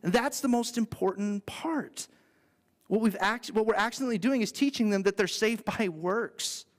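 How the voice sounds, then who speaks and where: Speaking at normal speed in a voice that sits high, a male pastor delivers a sermon that is earnest and conversational, with playful asides. He's in a church sanctuary, and the recording carries a church hall's long reverb.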